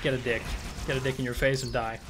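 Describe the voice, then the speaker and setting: A man giving let's play commentary on a shooter game, frustrated and swearing, shouting at enemies. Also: medium pitch, flat delivery, fast talker, music in the background. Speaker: gaming YouTuber.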